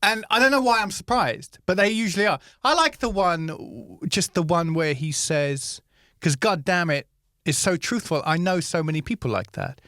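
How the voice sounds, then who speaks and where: A man's voice: sits high, moderate pace, no room sound, clean studio sound. A male comedian co-hosting a podcast, chatting casually and acting out little stories with voices. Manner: animated storyteller, acts out voices. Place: Moscow.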